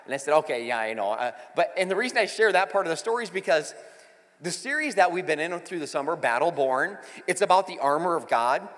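A pastor in his forties preaching and telling stories in a church auditorium, animated and emphatic. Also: high-pitched, a little fast. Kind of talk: sermon with prayer and storytelling. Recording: reverberant hall with faint music.

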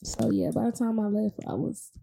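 A woman's voice: mid-range voice, normal speed, vocal fry, mellow. A young adult woman hosting a casual podcast chat, upbeat and chatty, laughing often. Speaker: podcast host.

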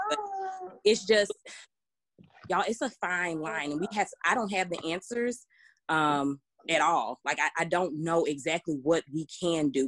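A woman with a low-pitched, slightly bright voice co-hosts a casual podcast discussion. She speaks emphatically and restarts her sentences often. The recording is dry.

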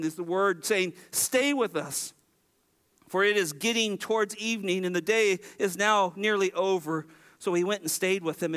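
A man preaching a sermon as a pastor, animated, acting out the lines he quotes. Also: high-pitched.

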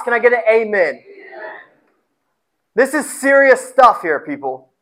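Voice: mid-range voice, sing-song, a little slow, pauses often, a bit bright, low-quality recording. Emphatic preacher asking rhetorical questions. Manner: repeats words and phrases for emphasis. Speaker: pastor. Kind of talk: sermon.

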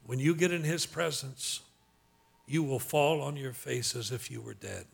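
A man's voice: mid-range voice, gravelly. Emphatic preaching pastor, a man. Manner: emphatic preaching, calls on the congregation to repeat lines; slows for dramatic scripture reading. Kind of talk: sermon.

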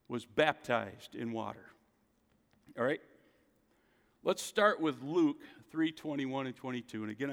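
A man's voice: on the high side, creaky, fairly bright tone. Preaching man with hall reverb. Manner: emphatic preaching, rhetorical questions. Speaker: pastor. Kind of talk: sermon.

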